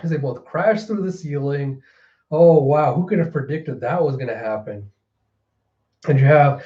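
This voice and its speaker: Animated man recapping in a mellow voice. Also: on the high side, moderate pace. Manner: animated, retelling with frequent fillers. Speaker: manga reviewer. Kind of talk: casual reaction commentary. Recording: roomy, slightly dull recording.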